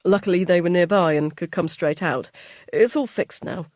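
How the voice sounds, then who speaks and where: A woman's voice: on the low side, normal speed, a little mellow, no echo, studio quality, close to an everyday voice. A woman voicing a stressed young husband who answers in a clipped, apologetic, grumbling way. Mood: reassuring. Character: stressed young British husband, defensive, irritable.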